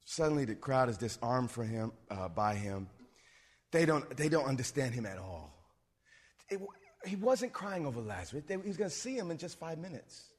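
Animated preacher in a reverberant hall. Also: male voice, normal speed, breathy edge. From suburbs. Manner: animated, swings between loud bursts and low asides. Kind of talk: sermon.

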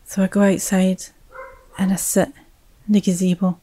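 A woman, a mother, telling a personal story in a reflective way, often dropping to a hushed whisper. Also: medium pitch, level tone, moderate pace.

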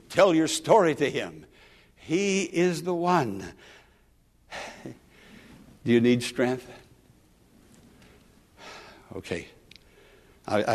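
A man pastor preaching a sermon, calling out with rising emotion and dropping to soft, quiet asides. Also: medium pitch.

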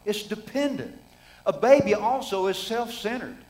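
Folksy high-voiced male preacher. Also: animated, moderate pace, a little mellow, rough recording. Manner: folksy, conversational, with rhetorical questions to the congregation. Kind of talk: sermon.

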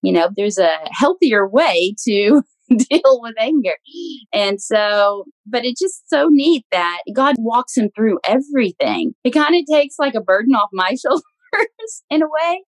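A young woman guest in a casual interview, earnest and warm, laughing often as she talks. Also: a little high, animated, unhurried, dry recording, low-quality recording. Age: young adult.

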